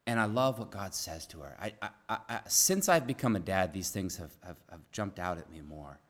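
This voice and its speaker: A man preaching a conversational sermon, earnest, repeating key phrases and dropping to a soft hush for emphasis. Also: deep voice, animated, normal speed.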